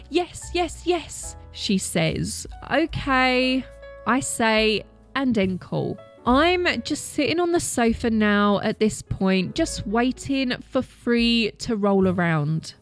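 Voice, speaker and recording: Slow-reading woman story narrator. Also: on the high side. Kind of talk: scripted first-person story narration. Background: faint background music.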